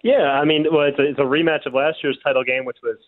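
Man, sportswriter guest, tinny phone line, dry sound, relaxed analytical chat. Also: fairly high pitch, fast, no room sound. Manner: relaxed, analytical, many fillers like "like". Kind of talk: radio phone interview.

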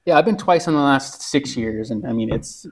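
A man's voice: medium pitch, normal speed. A man co-hosting a travel industry podcast, chatting casually and reading news items. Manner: conversational, reads travel news segments. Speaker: podcast co-host.

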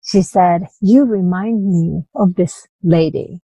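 A woman telling her personal story as a guest in an interview, in halting bursts with many restarts, asides and small laughs. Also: fairly low pitch, mellow, breathy edge, dry recording, rough recording. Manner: halting retelling with frequent restarts, "you know" and light laughs.

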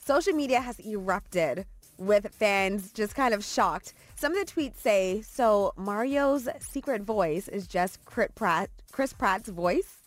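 A woman's voice: mid-range voice, animated, slow pace, no room sound, faint music behind. A woman presenting the trending entertainment segment on a morning TV show in an upbeat way. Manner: upbeat, reads tweets aloud with light laughs. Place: TV studio.

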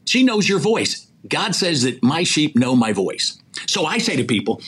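A man's voice: a little high, big pitch swings, moderate pace, few pauses, fairly bright tone, slightly rough. An older man who is a podcast interview guest, telling stories animatedly, acting out quoted dialogue and chuckling mid-sentence. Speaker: interview guest, executive recruiter. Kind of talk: storytelling in a podcast conversation.

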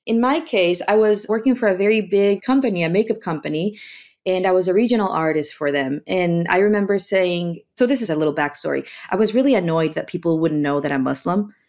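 A woman from Mexico, a makeup artist guest, telling her story in a lively, conversational way, acting out dialogue and often laughing. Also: lowish voice, brisk. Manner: animated, acts out quoted dialogue, laughs often.

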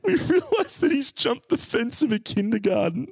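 An Australian man in his twenties telling a funny story on a podcast, animated and laughing as he goes. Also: very high-pitched, normal speed, gravelly, husky, no room sound, studio quality. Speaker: podcast co-host. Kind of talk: comic storytelling.

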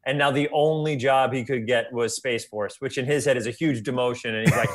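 A man's voice: mid-range voice, fairly even intonation. Male actor from New York, interview guest, joking and self-deprecating. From New York, USA. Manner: quick, laughing, self-deprecating. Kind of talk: casual interview chat.

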